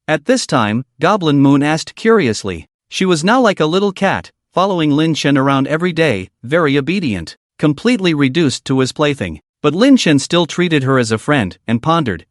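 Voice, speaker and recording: Lively higher-pitched male recap narrator. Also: normal speed, hardly any pauses, no room sound, clean studio sound.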